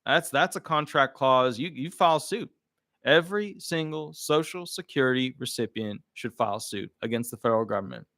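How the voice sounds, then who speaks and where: A disability lawyer gives casual commentary to the camera, indignant and animated. His voice is medium-pitched at a normal speed, recorded in clean studio sound with no echo.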